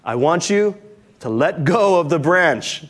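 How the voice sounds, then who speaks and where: A pastor voicing a majestic, booming divine voice speaking slowly and solemnly from the clouds. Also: male voice, lively intonation.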